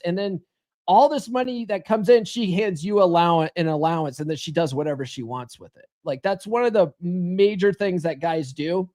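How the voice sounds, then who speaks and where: A man's voice: high voice, moderate pace, darkish tone. A man hosting a live-stream advice show, talking bluntly and coaching his listeners, often acting out quoted lines. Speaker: podcast host.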